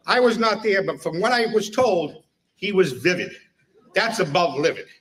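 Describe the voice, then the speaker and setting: A man's voice: high-pitched, animated, normal speed, fairly bright tone, recorded from a distance. A man giving a humorous retirement speech, telling stories and laughing at his own jokes. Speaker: speaker at a retirement tribute.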